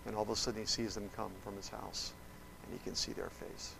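A male preacher giving a sermon. He tells the story dramatically, speaks directly to his listeners, and swings from hushed to loud. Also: fairly low pitch, flat delivery, fairly quick, gravelly, noisy background.

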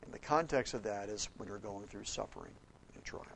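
A man preaching a sermon, telling stories with acted-out quotes and swinging between loud outbursts and soft, quiet passages. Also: fairly low pitch, fairly quick, gravelly, slight background noise.

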